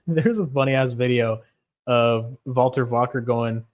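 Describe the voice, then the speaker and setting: A man's voice: mid-range voice, takes it slowly, darkish tone. Profane man streaming fight picks. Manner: profane, blunt, rambling. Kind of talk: casual livestream chat about fights.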